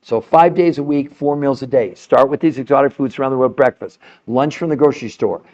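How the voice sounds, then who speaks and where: An older man hosting a live stream, talking to the chat in an emphatic, salesy way, with his voice jumping high on key points. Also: fairly quick, a little mellow, lo-fi sound.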